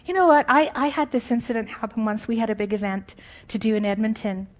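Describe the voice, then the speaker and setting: A woman preaching an informal, conversational sermon, animated and often laughing. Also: fairly high pitch, quick pace.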